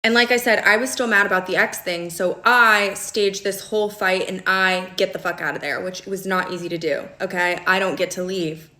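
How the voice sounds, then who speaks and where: A woman's voice: medium pitch, steady tone, normal speed, hardly any pauses, bright, forceful tone. A young woman telling a personal story in casual storytime style, emphatic and often checking in with "okay?". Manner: emphatic, peppers talk with "okay?" and "like". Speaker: storyteller in a video clip.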